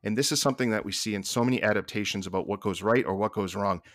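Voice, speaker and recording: A man with a Boston accent, a podcast guest talking with passion and many quick restarts. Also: lowish voice, fairly bright tone, no room sound. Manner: passionate, fast restarts and repeated words. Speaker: podcast guest, staff writer. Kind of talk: casual podcast chat.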